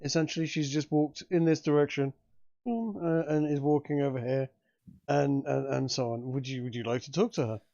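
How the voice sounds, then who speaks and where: A man narrating as game master for a tabletop game, halting with many restarts. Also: mid-range voice, steady tone, warm tone, dry recording, highs cut off.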